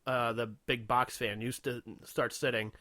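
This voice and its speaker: A man's voice: medium pitch, flat delivery, normal speed, sharp tone, no echo, clean studio sound. A man co-hosting a podcast, telling a crude story in casual chat with plenty of laughter. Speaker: podcast co-host.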